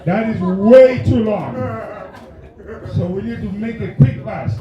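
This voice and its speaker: A man doing stand-up crowd work, with loud shouted bursts in between. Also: high-pitched, slow pace, dull audio, noisy background. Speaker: stand-up comedian. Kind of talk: stand-up comedy set. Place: comedy club stage. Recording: roomy live venue, mic at distance, audience. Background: laughing audience.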